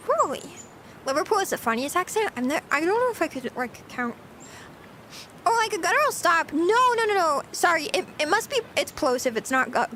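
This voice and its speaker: There's slight background noise as a giggly, chatty woman streamer talks casually with her live chat and answers their questions. Her voice is extremely high-pitched with a fairly bright tone.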